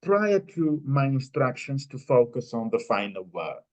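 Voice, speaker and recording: A man presenting at a conference, answering an audience question in a measured, explanatory way with many pauses. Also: medium pitch, big pitch swings, darkish tone. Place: conference room. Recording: dull lo-fi recording.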